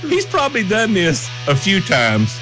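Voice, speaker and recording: A man co-hosting a radio morning show, telling a story in casual chat, animated and quick to break into loud laughter. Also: sits high, over music, low-quality recording.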